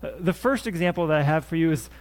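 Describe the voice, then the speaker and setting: In a church sanctuary, a male pastor delivers a sermon to his congregation, his voice pitched a little higher than most men's. He talks fast, expressively and earnestly in a conversational style, circling back over his own phrases for emphasis.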